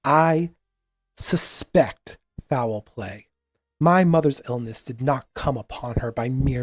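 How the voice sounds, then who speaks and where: A man voicing a proud, defiant young prince who gives a formal, commanding speech through a loudspeaker, his voice ringing and steely. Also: medium pitch, slightly rough, dry recording. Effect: amplified over a loudspeaker.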